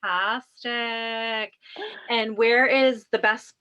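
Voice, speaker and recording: A woman's voice: a little high, fairly even intonation, extremely slow, sharp tone, smooth, no echo, dull audio. A woman hosting an interview series, effusive as she thanks her guest and wraps up. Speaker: interview host. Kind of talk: casual interview chat.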